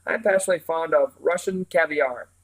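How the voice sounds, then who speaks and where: A quaint, whimsical old woman with a chirpy manner and a slightly high voice, as a male reader puts her on. She talks in an old-fashioned, fanciful way, as in a storybook read aloud. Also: fairly quick, dry recording, lightly acted, poor audio. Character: eccentric old woman visitor, bundled and whimsical.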